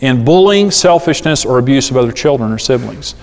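Middle-aged guy preaching, lively, acts out voices, big hall echo. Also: medium pitch, fairly quick. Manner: animated, acts out quoted voices. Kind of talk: sermon on parenting. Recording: long hall reverb.

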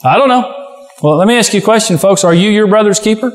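Pastor, man, forceful repeated exhortations, higher voice, echoey hall. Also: fairly even intonation, very fast. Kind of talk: sermon.

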